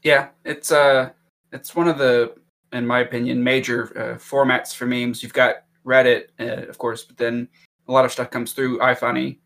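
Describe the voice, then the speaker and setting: Guy with a gravelly voice, lots of ums, casual podcast chat. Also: mid-range voice, flat delivery, moderate pace, fairly bright tone. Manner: hesitant, many fillers. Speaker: podcast co-host.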